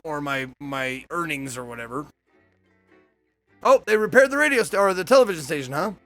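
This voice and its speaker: A man's voice: on the high side, lively intonation, fairly quick, a bit bright, faint music behind. A man streaming a game, reading its dialogue aloud and cutting in with joking, swearing reactions. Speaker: gameplay streamer.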